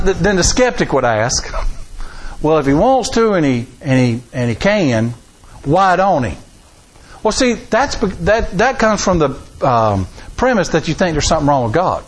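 Animated high-voiced preacher man. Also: normal speed, poor audio. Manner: folksy, animated preaching with rising emphasis. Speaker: pastor. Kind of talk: sermon.

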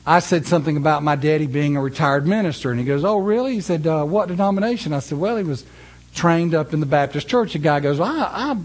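A fairly high-pitched man preaches to his congregation, first reading scripture with slow emphasis and then shifting to a folksy tale.

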